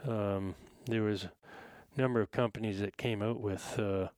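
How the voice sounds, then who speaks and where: An older man as an interview guest, recalling the past in a halting, thoughtful way with many fillers. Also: on the low side, fairly even intonation, darkish tone, no echo, clean studio sound. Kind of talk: casual interview chat.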